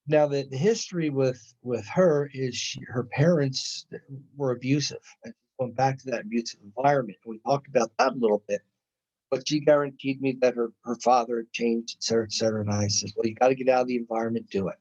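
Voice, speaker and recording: Male lecturer, husky voice, storytelling style with quoted dialogue; muffled lo-fi recording. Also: mid-range voice, brisk. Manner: animated retelling with quoted dialogue.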